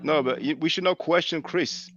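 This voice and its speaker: A man's voice: fairly high pitch, moderate pace, fairly bright tone, no room sound, lo-fi sound. A man hosting a live online panel, pressing a caller with questions. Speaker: show host.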